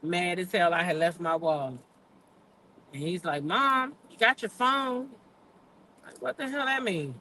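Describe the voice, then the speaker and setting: A woman's voice: fairly low pitch, fairly bright tone, slight background noise. An older woman hosting a casual gossip livestream, chatty and blunt, swearing freely, repeating points for emphasis and talking straight to her viewers. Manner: talks directly to live chat viewers. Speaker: gossip show host.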